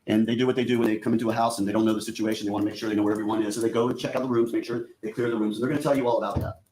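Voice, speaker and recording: A man's voice: lowish voice, flat delivery, racing, slight background noise. Man giving a courtroom opening statement. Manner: addresses the jury directly, repeating "you're gonna". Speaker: prosecutor.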